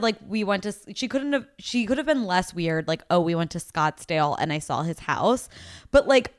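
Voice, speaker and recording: Woman co-host, chatty and giggly, lively pitch, dry close sound. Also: dry recording. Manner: giggly, chatty, lots of "like" fillers. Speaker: podcast co-host. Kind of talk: casual chat recapping a reality dating show.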